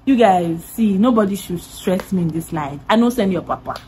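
A young woman with a Nigerian accent telling an animated storytime vlog, laughing and swearing as she goes. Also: mid-range voice, moderate pace, slight background noise. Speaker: vlogger.

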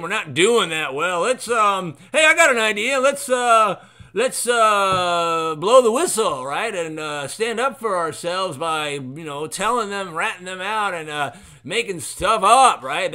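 Reading an article at his computer, a podcast host delivers sarcastic solo commentary, rambling along with plenty of fillers. His voice runs on the high side, pushed and bright.

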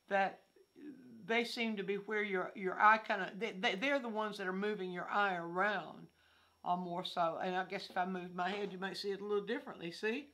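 A woman's voice: lowish voice, fairly bright tone. An older woman teaching art informally outdoors, thinking aloud with frequent restarts and fillers as she explains. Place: outdoors among fallen leaves.

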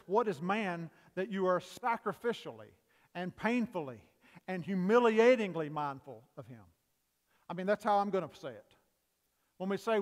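High-voiced pastor preaching in a church. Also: male voice. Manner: preaching with sharp swings between loud emphasis and hushed, quiet passages. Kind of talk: sermon. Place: church sanctuary. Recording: long reverb of a church sanctuary.

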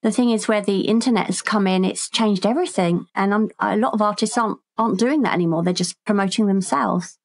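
A woman hosting a podcast talks easily with her guest, her voice at a middling pitch. She laughs along and keeps the talk relaxed and conversational. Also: a little fast, gravelly, hardly any pauses. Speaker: podcast host. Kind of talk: casual interview chat.

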